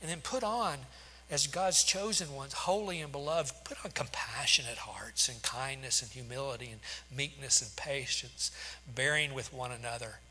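A man's voice: medium pitch, normal speed, bright, forceful tone. A man in his sixties preaching a sermon, telling stories with frequent restarts and fillers. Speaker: pastor. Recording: long hall reverb, faint hum.

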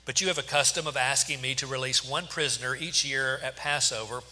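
This is an insistent Roman governor, put on by a man reading scripture aloud. His questions climb high and press hard. The voice is bright and sharp, with a long reverb trailing behind it. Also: brisk. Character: Roman governor Pilate, male, adult, exasperated and insistent.

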